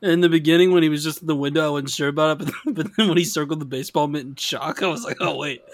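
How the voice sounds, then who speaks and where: A man's voice: fairly high pitch, rapid-fire, no room sound. A man co-hosting a podcast, making dry, sarcastic jokes in casual banter. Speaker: podcast co-host.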